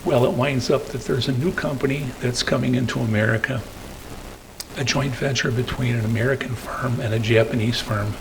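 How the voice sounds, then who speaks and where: An older man tells stories to a meeting room while clicking through slides. His voice is gravelly and sits at an ordinary pitch. He rambles, hesitates on fillers and keeps tagging his points with "okay?". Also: fairly even intonation, fairly quick, noisy background. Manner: rambling, peppers sentences with "okay?"; hesitant fillers between phrases. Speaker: guest speaker. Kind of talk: anecdotal storytelling talk.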